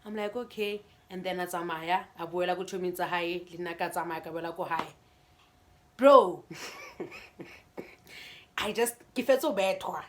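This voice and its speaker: Animated South African woman telling a story. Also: fairly low pitch, a little slow, long pauses, slight background noise. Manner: animated, conversational storytelling with frequent restarts. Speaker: YouTuber. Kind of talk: storytime vlog.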